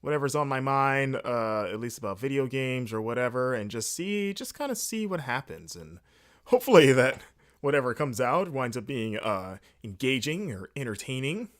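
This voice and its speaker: A man hosting a solo podcast, rambling casually in a jokey, animated way late at night. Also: mid-range voice, moderate pace. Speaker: podcast host.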